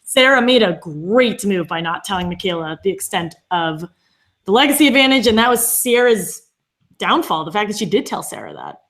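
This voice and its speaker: A woman's voice: mid-range voice, very animated, moderate pace, a bit bright. A young woman co-hosting a casual live podcast, chatty and agreeable, with frequent fillers. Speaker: co-host of a reality show podcast. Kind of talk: casual live-stream chat.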